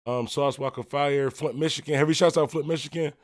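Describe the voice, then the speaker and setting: He's from Buffalo, New York, and hosts a music talk livestream, reading viewer comments and rambling conversationally with lots of fillers and shout-outs. His voice is fairly high with fairly even intonation and a brisk pace, in a dry, studio-quality recording.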